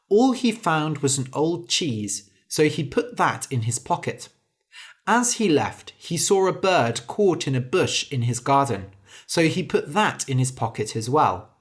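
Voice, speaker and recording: Slow, lively storybook narrator. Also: medium pitch. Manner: slow, clear, lively delivery.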